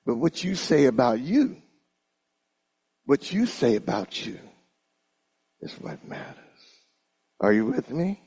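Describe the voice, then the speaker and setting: A man preaching a sermon in an animated style, calling on the congregation to repeat after him. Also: medium pitch, unhurried, long pauses, slightly rough. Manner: animated, call-and-response with congregation.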